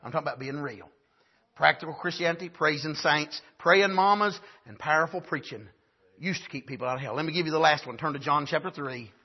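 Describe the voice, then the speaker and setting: Male camp-meeting preacher, raspy, rising to shouts. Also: a little high, brisk, lo-fi sound. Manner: frequent "amen", builds to shouts. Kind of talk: sermon.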